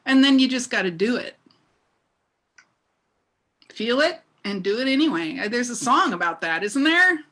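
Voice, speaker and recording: Bright, lively woman preaching a sermon. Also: fairly high pitch, normal speed, long pauses. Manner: animated, laughing storyteller who asks the congregation questions. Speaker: minister.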